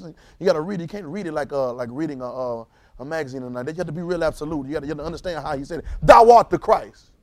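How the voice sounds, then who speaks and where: A man preaching a sermon in an animated, repetitive way, calling on the congregation to repeat his words and rising into loud emphatic bursts. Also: fairly high pitch, dry recording. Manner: calls on congregation to repeat phrases.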